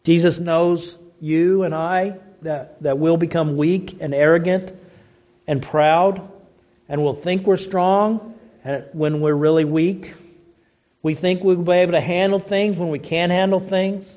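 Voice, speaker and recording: A man's voice: on the high side, steady tone, unhurried, a little mellow. A man preaching a sermon, emphatic and asking rhetorical questions, in a dull lo-fi recording. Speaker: pastor.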